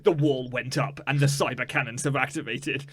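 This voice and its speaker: A man co-hosting a podcast, chatting casually and cutting in with quick, playful jokes. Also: mid-range voice, steady tone, noisy background. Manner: quick interjections, playful riffing. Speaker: podcast co-host. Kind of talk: casual chat.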